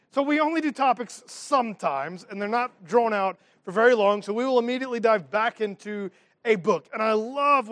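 A man's voice: sits high, a bit bright, no echo. A man preaching a teaching sermon as pastor of his church, reading scripture and adding humorous asides.

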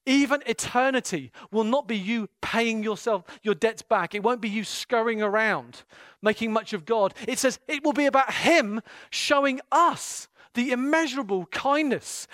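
A man preaching an impassioned sermon and leading prayer in a church, his delivery swinging between hushed intensity and loud, fervent bursts. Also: very high voice, normal speed, dry recording, studio quality. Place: church meeting room.

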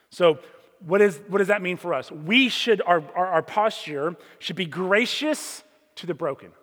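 A male pastor preaching a sermon in a relaxed, conversational way, with sudden loud stresses and hushed asides. His voice sits a little high for a man. It rings with long reverb, as if in a large church sanctuary. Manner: conversational preaching, swings between loud emphasis and quiet asides.

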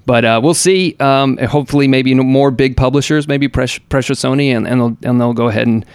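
A man's voice: mid-range voice, clean tone, dry recording, clean studio sound. A man co-hosting a podcast, chatting casually about gaming news in a rambling, hesitant way full of fillers and restarts. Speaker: podcast co-host.

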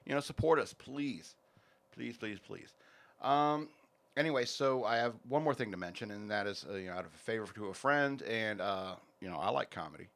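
A man's voice: on the low side, normal speed, a bit bright. A man hosting a casual podcast, rambling and joking through sponsor reads with plenty of fillers. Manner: rambling, jokey, many fillers. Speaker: podcast host.

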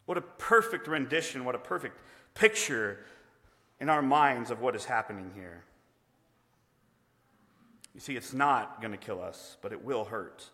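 A man's voice: medium pitch, expressive, measured pace, long pauses, pushed and bright. A man preaching a sermon, earnest and emphatic in a conversational way. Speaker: pastor. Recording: long reverb of a large hall.

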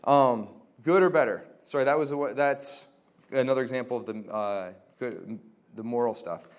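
A young man with a mid-range voice talks at normal speed, giving a casual lesson to a group on reconciling relationships. His style is conversational and filler-heavy, and he acts out quoted exchanges, in his role as a Christian formation teacher.

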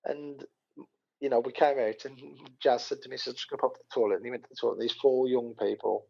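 In dull audio, a podcast co-host with a medium-pitched, gravelly voice talks at a quick pace during a casual chat. He retells a story in an animated, rambling way, full of fillers and restarts.

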